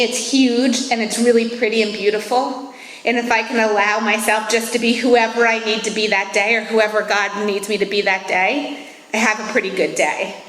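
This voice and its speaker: A woman's voice: on the high side, fairly bright tone. A woman in her thirties giving an earnest, reflective talk at a recovery meeting. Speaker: AA speaker. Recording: echoey hall.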